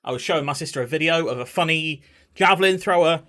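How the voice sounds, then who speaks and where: A man's voice: fairly high pitch, fast talker, fairly bright tone. A young man chatting casually to his live-stream chat while slightly out of breath, greeting viewers by name and swearing now and then. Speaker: game streamer.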